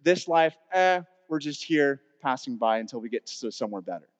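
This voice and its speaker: A male pastor preaching an earnest, emphatic sermon and quoting scripture, recorded in a church sanctuary. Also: a little high. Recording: dull sound with long hall reverb.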